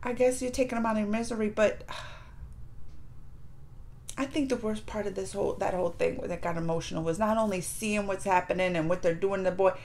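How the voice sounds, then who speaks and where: A woman's voice: medium pitch, a little fast, slight background noise. A woman hosting a reaction video, retelling a TV episode in a casual, emotional way and quoting the characters. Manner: emotional, animated retelling with quoted voices.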